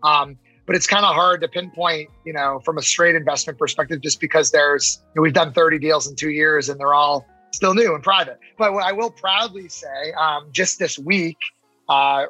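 A man with a bright, forceful and slightly husky voice talks in a lively interview. He moves fast, acting out quoted voices along the way. His voice sounds dry and close, with faint music behind it. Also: on the high side, no room sound, rough recording. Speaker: investor and podcast guest. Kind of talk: casual interview talk.

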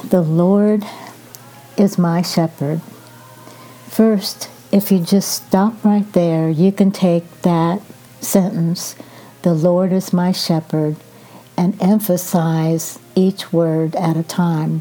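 An older woman reads scripture aloud with a very dark, mellow tone, slightly low in pitch. She moves slowly and gently, pausing between phrases as she reflects in a devotional style. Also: fairly even intonation, soft background music. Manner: slow, gentle, measured reading with pauses. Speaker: podcast host reading scripture.

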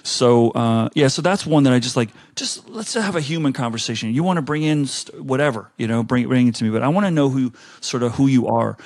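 Man, podcast guest, casual interview chat, animated storytelling, restarts, dry sound. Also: medium pitch, fairly quick, few pauses, no room sound.

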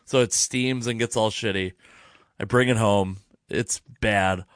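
A man hosting a casual podcast chat, telling a story in an animated, profane way. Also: lowish voice, unhurried, no echo, studio quality. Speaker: podcast host.

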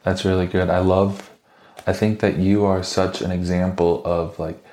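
A man's voice: low voice, level tone, normal speed, dark tone. A man hosting a podcast, talking casually and encouragingly about faith, rambling with restarts. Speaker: podcast host. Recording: roomy echo.

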